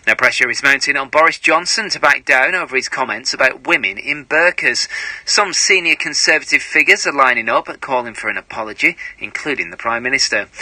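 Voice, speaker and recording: A man reading radio news headlines in a formal, measured way. His tone is very bright and cutting, and the sound is close and dry. He sits at mid pitch for a man. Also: no room sound, low-quality recording. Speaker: newsreader.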